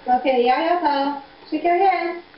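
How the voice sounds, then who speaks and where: A young mother coaxing her toddler in high sing-song baby talk over a video call, repeating simple prompts. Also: unhurried. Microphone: computer video call mic. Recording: dull echoey video-call audio, faint noise.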